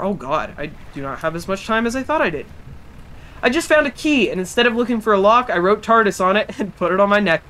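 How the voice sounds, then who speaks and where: A man's voice: high-pitched, pushed and bright, a little hiss or hum. A man streaming live, chatting as he plays and talking back to game characters and his chat. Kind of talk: live gameplay commentary.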